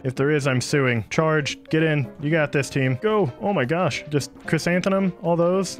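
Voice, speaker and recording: A man giving playful, joking commentary while playing a strategy game, talking to his in-game troops. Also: fairly high pitch. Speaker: gaming YouTuber. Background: background music.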